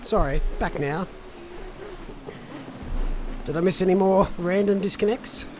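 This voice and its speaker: A man's voice: high-pitched, measured pace, noisy background. A man giving casual live sim racing commentary, chatting to viewers and answering their messages.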